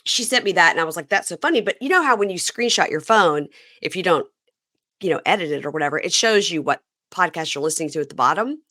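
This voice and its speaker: Podcast host, woman, low fry-edged voice, lively storyteller, dry close mic. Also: fast talker, no echo. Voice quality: vocal fry. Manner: animated storytelling, acts out quotes. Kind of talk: casual podcast chat.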